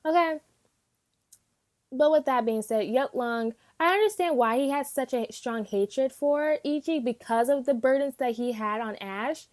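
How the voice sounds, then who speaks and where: High-voiced woman ranting animatedly. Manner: animated and emphatic, swears often; talks in quick bursts, acting out her reactions. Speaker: anime reviewer. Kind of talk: casual unscripted review.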